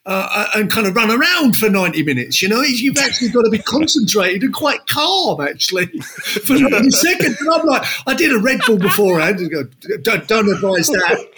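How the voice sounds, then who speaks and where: Male guest, high-pitched, animated storyteller who laughs often. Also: a little fast, a loud crowd. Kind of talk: casual chat.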